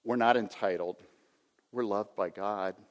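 A man's voice: fairly low pitch, a little slow. A man in his sixties preaching a sermon, earnest, now and then acting out a self-important inner voice. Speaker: pastor. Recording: reverberant hall.

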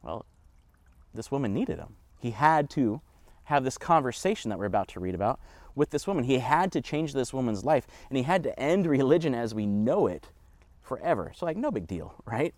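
A man giving a casual, conversational Bible teaching with animated asides. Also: medium pitch, normal speed, dry recording.

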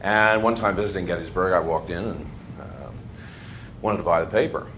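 A man's voice: sits low, normal speed, slight background noise. A man giving a history lecture to a class, telling stories animatedly and laughing as he talks. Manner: animated storyteller, laughs while talking. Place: lecture room with students.

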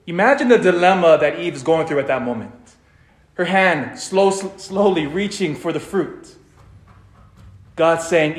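A man preaching a sermon and telling the story dramatically, dropping to a hush and then rising loud. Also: a little high, expressive, a little slow. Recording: echoey room.

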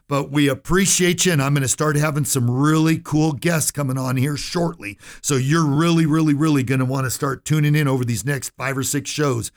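A man hosting a financial radio talk show, speaking directly to listeners in a folksy, emphatic way and often checking in with "right?" and "okay?". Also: mid-range voice.

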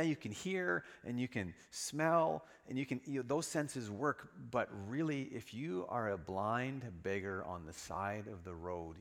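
A man preaching a sermon, retelling scripture in a lively, dramatic storytelling manner. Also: on the low side, vocal fry, long reverb tail. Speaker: pastor.

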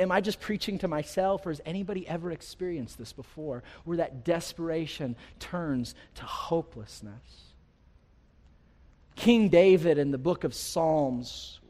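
A man's voice: on the high side, dark tone. A man preaching a sermon from the pulpit in a large church, with impassioned phrases that rise and fall, repeated lines and many restarts. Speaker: pastor. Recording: live hall reverb.

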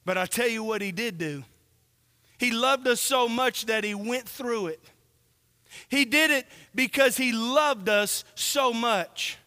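A man preaching a sermon, slow and earnest, asking the congregation questions as he reads from scripture. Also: extremely high pitch, bright, forceful tone, clean tone, long reverb tail.

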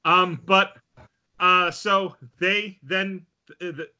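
A man in casual chat, recapping an anime with animated storytelling and lots of fillers. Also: high voice, drawn-out words, highs cut off.

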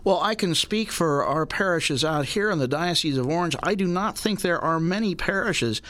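A man's voice: fairly high pitch, expressive, normal speed, a bit bright. Man hosting a radio interview. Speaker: radio host.

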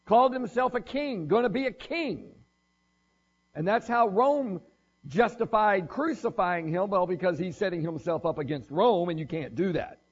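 A man's voice: high voice, lively intonation, normal speed, breathy edge, dull audio. A man preaching a casual, conversational sermon, joking and thinking aloud as he goes.

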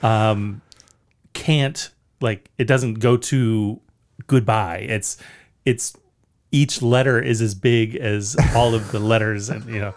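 Brief: male co-host, low voice, dry and hesitant in casual chat. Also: steady tone, slow. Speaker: podcast co-host.

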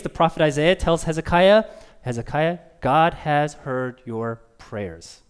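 A man preaching a sermon as pastor, talking conversationally with the congregation and asking them questions, and reading scripture slowly with emphasis. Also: a little high. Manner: conversational, asks the listeners questions.

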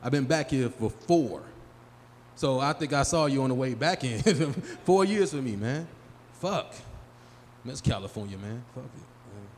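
A man in his forties doing a live stand-up set, working the crowd loudly and acting out his friends in high, excited voices. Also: measured pace. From Chicago area. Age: 40s. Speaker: stand-up comedian. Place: small live venue. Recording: live room with long reverb and faint hum.

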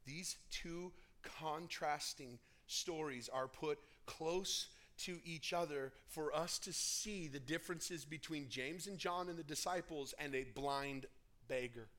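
A man preaching a sermon, dramatic, dropping to near whispers and rising to shouts. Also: fairly high pitch, slow. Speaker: pastor.

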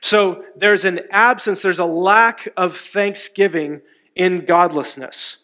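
A man's voice: high-pitched, slow, sharp tone. A man preaching a sermon, emphatic and asking his congregation questions. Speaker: pastor.

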